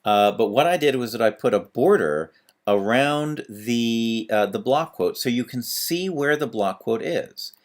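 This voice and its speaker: A man's voice: mid-range voice, expressive, a little slow. A man teaching a screencast lesson on web pages, talking through each step as he types, with fillers. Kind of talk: screencast tutorial.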